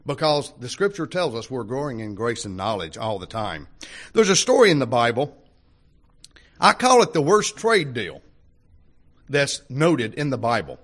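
A man's voice: mid-range voice, sing-song, normal speed, a bit bright. An older man preaching a sermon to a congregation in a folksy, conversational way, full of rhetorical questions. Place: church hall before a congregation.

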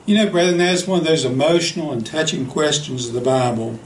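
A man preaching a sermon, telling a story in an earnest, unhurried way and often saying "you know". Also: fairly high pitch, a little hiss or hum. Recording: echoey hall, faint ambience.

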